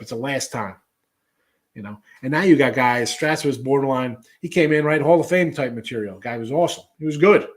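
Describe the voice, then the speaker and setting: A middle-aged man hosting a sports betting show, talking casually in a rambling way with lots of fillers and restarts. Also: medium pitch.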